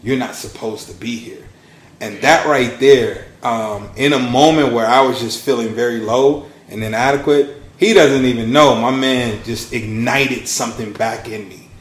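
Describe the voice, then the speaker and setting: Animated male storyteller in an echoey room. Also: normal speed, hardly any pauses. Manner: animated storyteller, acts out quotes with big pitch swings. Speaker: podcast guest, launch strategist. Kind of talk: casual storytelling interview.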